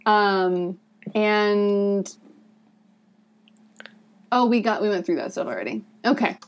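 Woman, podcast co-host, casual comic discussion, chatty, explanatory, lots of fillers, mid pitch. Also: very animated, slow pace.

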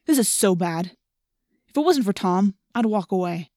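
A woman's voice: mid-range voice, animated, normal speed, warm tone, no room sound, clean studio sound, close to an everyday voice. A woman voicing a sarcastic, wary teenage boy with a snappy, sardonic delivery.

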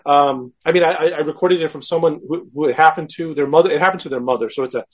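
A man, a guest, telling a personal story in casual talk, animated and self-mocking, acting out his own quoted thoughts. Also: on the high side, quick pace.

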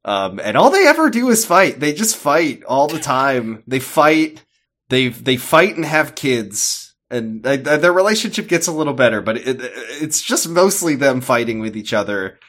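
A man's voice: medium pitch, big pitch swings, normal speed, fairly bright tone. A man co-hosting a podcast, recapping a TV episode in a casual, rambling and jokey way. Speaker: podcast co-host.

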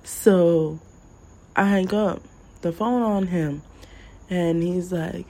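Low, slow-talking woman podcaster. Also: steady tone, mellow, rough recording. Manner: candid and blunt, acts out both sides of the conversation. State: coughing now and then. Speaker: podcast host. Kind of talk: casual storytime monologue.

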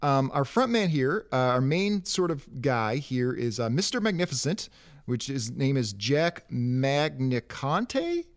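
A man's voice: mid-range voice, sing-song, measured pace. A man hosting a casual comic-book podcast, rambling and joking as he goes through the characters. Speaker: podcast host.

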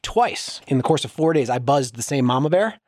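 A middle-aged man as a podcast guest, telling a story in casual chat, animated and laughing through it. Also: mid-range voice, fairly quick, no room sound, clean studio sound.

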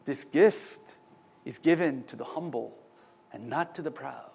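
A man's voice: mid-range voice, unhurried, creaky, darkish tone, slightly rough. A middle-aged man preaching a sermon in a conversational way, with asides to the congregation and many restarts. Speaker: pastor.

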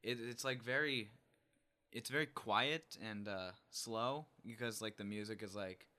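A man chatting casually as co-host, giving short, relaxed replies. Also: on the low side, a little slow. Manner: laid-back, short replies and laughs. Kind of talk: casual chat.

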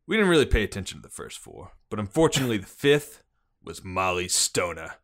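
A man's voice: fairly low pitch, sing-song, a little fast, fairly bright tone. A man voicing a blustering bald middle-aged police chief with a Boston accent in a tabletop role-play. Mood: briefing.

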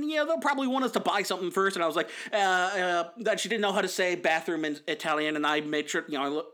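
Bright, high-voiced young man ranting. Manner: animated, rambling, exasperated. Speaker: vlogger. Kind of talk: casual movie-reaction rant.

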